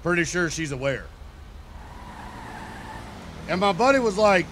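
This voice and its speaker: Man, high voice, casual role-play storytelling, profane jokes, faint hiss behind. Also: animated, measured pace, long pauses, a bit bright. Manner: profane, joking, conversational. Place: game role-play voice chat.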